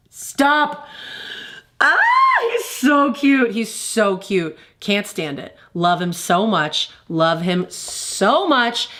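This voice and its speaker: A woman's voice: fairly low pitch, a bit bright. A woman hosting a pop culture livestream in casual chat, talking in a gushing, effusive way.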